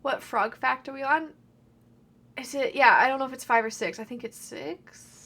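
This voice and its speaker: A woman's voice: sits high, moderate pace, fairly bright tone. A young woman streaming a video game, chatting and giggling with her viewers. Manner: giggly, chatty with live chat. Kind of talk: casual game commentary.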